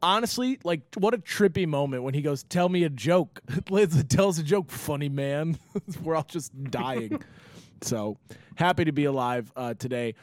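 A male comedian tells a story casually and with a lot of energy, breaking into laughter along the way. His voice sits a little high. The recording is dry and close. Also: lively intonation, moderate pace, dry recording. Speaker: comedian and podcast host.

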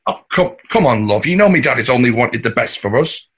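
A man's voice: mid-range voice, lively intonation, brisk, fairly bright tone, slightly rough. An actor with a Mancunian accent playing a scheming, boastful working-class husband and father, cocky and coarse. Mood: coaxing. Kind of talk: audio drama acting.

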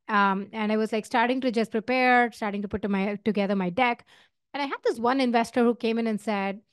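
Podcast host, woman, middle-aged, Indian accent, earnest and chatty, a bit high-pitched, dry sound. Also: fairly even intonation, moderate pace, clean tone, no room sound. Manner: earnest, conversational with many fillers and restarts. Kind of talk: solo advice talk.

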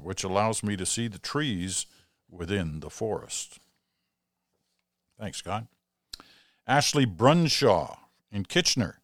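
A man's voice: fairly low pitch, dry recording. Canadian male podcast host, dry sound. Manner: chatty, thinks aloud in asides. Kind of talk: reading listener mail with casual asides.

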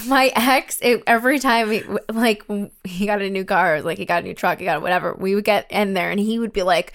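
A woman co-hosting a podcast, chatting casually with a friend. She reacts quickly and expressively, swearing now and then, in a somewhat high voice. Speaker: podcast co-host. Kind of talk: casual chat.

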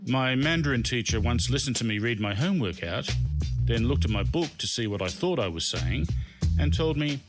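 A man's voice: mid-range voice, animated, brisk. A middle-aged man, reading a humorous memoir of his own with dry, self-mocking wit. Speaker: memoir narrator. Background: background music.

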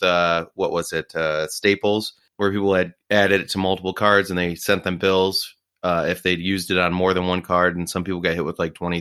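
A man's voice: deep voice, pushed and bright, smooth. A man co-hosting a podcast, chatting casually and giving his opinions. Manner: conversational, opinionated. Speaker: podcast co-host. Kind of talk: casual chat.

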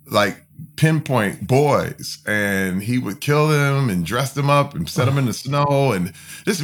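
A man's voice: medium pitch, breathy edge. A man from Flint, Michigan, speaking as a podcast guest, telling his own story candidly and emphatically, full of fillers and restarts. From Flint, Michigan, USA.

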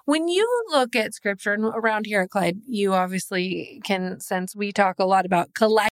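A woman's voice: mid-range voice, moderate pace, clean tone, no room sound, studio quality. A woman hosting a faith conversation, asking reflective questions and thinking aloud. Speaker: host, pastor at the church. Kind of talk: interview conversation.

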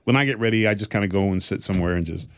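A man with a fairly low voice swaps stories on a casual podcast. He rambles with restarts and fillers and acts out the people in his stories. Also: very fast, clear, resonant tone. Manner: animated storytelling, acting out the people he quotes. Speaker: comedian.

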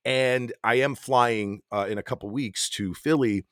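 A man's voice: mid-range voice, unhurried, a bit bright, dry recording, studio quality. A man co-hosting a casual podcast with his wife, talking bluntly with plenty of swearing and restarting his sentences as he goes. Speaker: podcast co-host. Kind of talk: casual chat between spouses.

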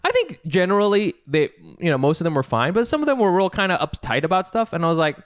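A man's voice: sits high, very animated, fast, clean tone, no echo, studio quality. A man co-hosting a casual comedy podcast, rambling, laughing often, swearing and acting out what people said. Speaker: podcast co-host.

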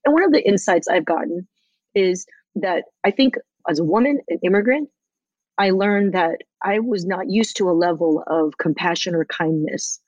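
Woman guest, lively storyteller with a slightly low voice, close dry mic. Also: moderate pace, dry recording, muffled recording. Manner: animated storyteller acting out quotes, swears casually. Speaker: guest, comedian and activist. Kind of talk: casual storytelling interview.

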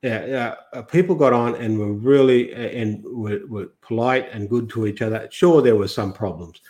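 A man's voice: mid-range voice, normal speed, darkish tone. An older man from Australia, a guest in a political interview, talking in long rambling sentences full of restarts and quoted asides.

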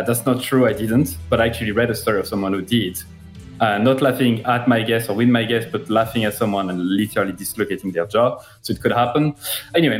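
A man's voice: mid-range voice, reverberant. A man hosting a marketing podcast in casual interview chat, playful and self-deprecating and heavy on fillers. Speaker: podcast host.

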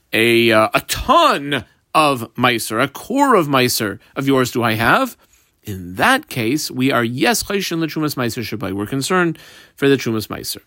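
A man's voice: mid-range voice, fairly bright tone, no echo, studio quality. A man teaching a text study class, reading each term aloud and then explaining it in plain words, step by step. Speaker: Talmud teacher.

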